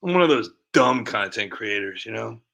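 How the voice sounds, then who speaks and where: A man's voice: fairly low pitch, expressive, moderate pace, gravelly, sharp tone. A man doing a rambling, self-mocking comic monologue as a content creator. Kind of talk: comedic monologue. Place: cardboard box used as an office.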